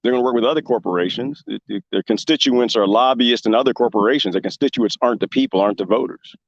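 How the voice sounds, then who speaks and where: A talk show host with a mid-range voice speaks fast in casual commentary, recorded dry with the highs cut off. He's passionate and rambling as he makes his point, dropping in lively imitated quotes.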